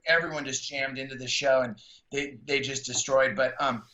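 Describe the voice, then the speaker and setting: Middle-aged comedian from the Bay Area, slangy animated storyteller, bright forceful voice, echoey and slightly dull recording. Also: male voice, mid-range voice, moderate pace. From San Francisco Bay Area. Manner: animated, slangy, acts out quotes in raised voices. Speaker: stand-up comedian and podcast guest. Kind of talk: casual storytelling interview.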